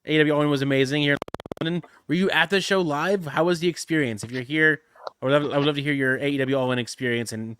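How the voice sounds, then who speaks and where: A man's voice: on the high side, a bit bright, slight background noise. A man co-hosting a live podcast, chatting casually and agreeably and reading out viewer comments. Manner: agreeable, chatty, quick to affirm. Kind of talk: casual live-stream chat.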